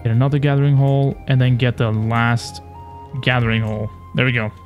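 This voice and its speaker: A young man casually commentating his strategy game, animated and taunting, swearing as he plays. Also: medium pitch, moderate pace, lo-fi sound, faint music behind. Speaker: gaming YouTuber.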